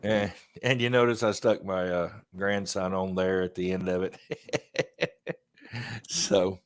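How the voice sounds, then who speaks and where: A man's voice: low voice, takes it slowly, no room sound, studio quality. A man in his fifties with a Southern US accent, hosting a podcast in a rambling, laid-back way and chuckling often. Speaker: podcast host. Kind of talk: casual chat.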